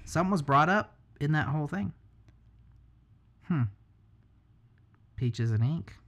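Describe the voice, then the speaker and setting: A man's voice: a little high, lively intonation, a little slow, fairly bright tone. A man hosting a podcast in casual chat, joking and rambling with lots of swearing. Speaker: podcast host.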